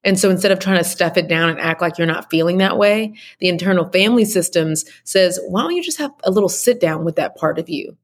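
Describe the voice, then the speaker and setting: A woman from Texas speaking as a podcast guest, an animated, expressive storyteller. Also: fairly low pitch, fast, hardly any pauses. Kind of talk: casual interview chat.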